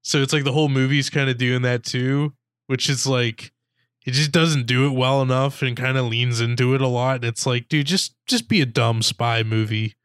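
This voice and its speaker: A man chatting casually about a film, rambling and mock-quoting the characters. His voice is smooth and clear, recorded dry and close. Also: mid-range voice, moderate pace, fairly bright tone, no room sound. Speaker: podcast co-host. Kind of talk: casual chat reviewing a movie.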